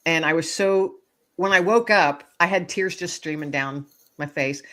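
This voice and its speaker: A woman who is a guest author, telling a personal story in a casual interview and acting out the quotes with lively expression. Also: low-pitched, measured pace.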